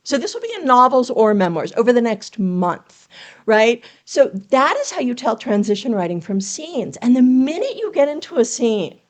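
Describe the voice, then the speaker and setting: A woman's voice: a little high, sing-song, normal speed. A woman who coaches memoir writing, a guest on a podcast interview, explaining writing principles in an earnest, teacherly way and asking rhetorical questions.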